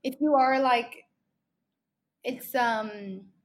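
A woman in her thirties, chatting casually on a podcast and telling animated stories full of fillers and restarts. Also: a little high, drawn-out words. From Ireland.

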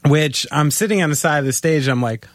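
A man's voice: fairly high pitch, brisk, no room sound. Laid-back man interviewing, chatty. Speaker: interviewer host. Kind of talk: casual interview chat.

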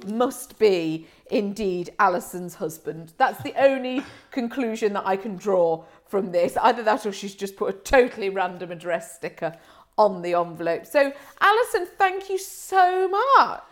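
A woman's voice: mid-range voice, lively intonation, a little slow. A woman co-hosting a podcast, chatty and bubbly, often breaking into laughter. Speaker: podcast co-host. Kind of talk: casual chat.

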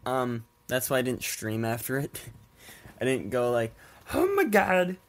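Slow-talking man with a stuffy nose. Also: mid-range voice, little pitch movement. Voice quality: congested, nasal. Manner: rambling, laughs often, swears offhandedly. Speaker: podcast host. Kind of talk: solo casual podcast talk. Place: at home with his cats.

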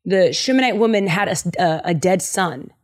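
Brief: woman podcast host, casual and animated, slangy storyteller. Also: lowish voice, normal speed. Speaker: podcast host retelling Bible stories. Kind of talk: casual chat.

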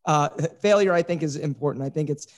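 A man's voice: fairly high pitch, a little fast. A man hosting a podcast, asking questions in a loose, casual way and swearing freely. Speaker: podcast host. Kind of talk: casual interview chat.

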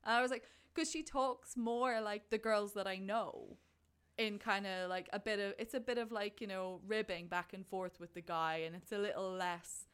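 A young woman in casual conversation about a film, chatty and animated, acting out her own thoughts in quotes. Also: medium pitch, normal speed, clear, resonant tone.

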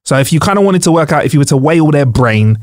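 Man, bouncy pitch, dry close mic, jokey co-host. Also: expressive, fast talker, dry recording. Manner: laughs often, explains facts playfully. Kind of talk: casual chat.

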